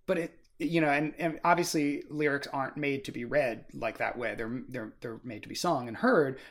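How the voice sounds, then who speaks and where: A man's voice: mid-range voice, normal speed, fairly bright tone. A man co-hosting a casual book discussion podcast, rambling with many "like" and "you know" fillers. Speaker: podcast co-host.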